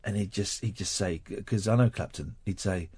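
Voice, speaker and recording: A man's voice: low-pitched, normal speed, a little mellow, breathy edge, dry recording, clean studio sound. A man hosting a radio show who tells a rambling, playful comic story and slips into funny voices. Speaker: radio host. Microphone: studio microphone.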